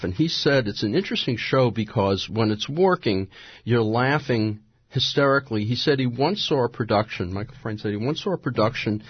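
A man interviewing a guest, asking measured, thoughtful questions. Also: on the low side, breathy edge, no echo, highs cut off. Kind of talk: interview conversation.

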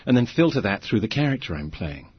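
A deep-voiced man tells stories in an interview, animated and quick to laugh. His voice is low and husky. The recording is dry and a little dull. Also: no echo. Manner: animated anecdotes, acting out quoted voices, frequent laughs. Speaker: interview guest, actor. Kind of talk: storytelling in a conversational interview.

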